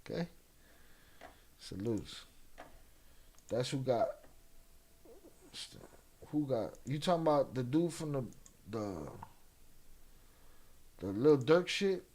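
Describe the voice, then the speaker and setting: A man's voice: mid-range voice, animated, slow pace, pauses often, mellow, slight background noise. A man hosting a livestream, chatting casually with viewers and teasing them with loose, profane banter. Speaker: livestream host. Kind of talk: casual chat with live viewers.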